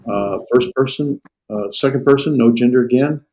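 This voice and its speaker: A man lecturing a classroom on Greek grammar, pausing often on fillers and restarts and checking in with his students. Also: medium pitch, mellow, low-quality recording. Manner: halting, with frequent fillers and restarts. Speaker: Greek teacher.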